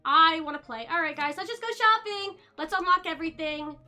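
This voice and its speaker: A woman streamer with a high, bright voice gives casual gameplay commentary, chattering to her viewers and gasping with excitement at each new find. Faint game music runs underneath. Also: brisk.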